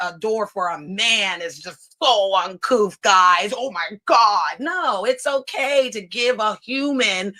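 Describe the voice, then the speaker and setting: This is a woman hosting a casual livestream, talking straight to her viewers. She is blunt and sarcastic and laughs often, and she reads comments aloud as she goes. Her voice sits at a middling pitch. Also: takes it slowly, hardly any pauses, bright, forceful tone. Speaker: livestream host.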